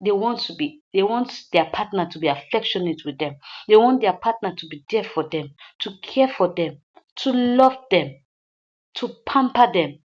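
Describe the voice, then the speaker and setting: A woman's voice: mid-range voice, expressive, normal speed, a little mellow, close to an everyday voice. A woman recounting an earnest, devoted man's words to a rival husband, repeating lines for emphasis, in a slightly dull lo-fi recording. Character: devoted younger man advising a rival husband.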